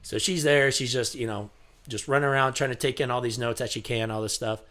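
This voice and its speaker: A man with a bright, forward voice tells a story in relaxed podcast chat. He leans on fillers like "you know" and "like", and he breaks into laughter as he builds to the punchline. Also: mid-range voice, brisk.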